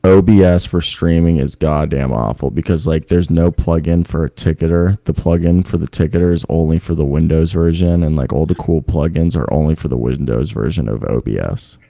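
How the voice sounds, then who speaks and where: Young man, podcast co-host, casual rambling chat, dark mellow tone, dry close sound. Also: rumbling low, brisk, gravelly, few pauses, no echo. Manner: rambling and joking, laughs often, swears. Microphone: remote video call streaming setup.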